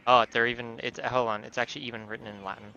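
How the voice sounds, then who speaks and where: A man's voice: medium pitch, level tone, rapid-fire, creaky, dull audio, background noise. A man casually commentating a story game, goofy and self-mocking, swearing freely. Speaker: gaming streamer. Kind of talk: casual let's-play commentary.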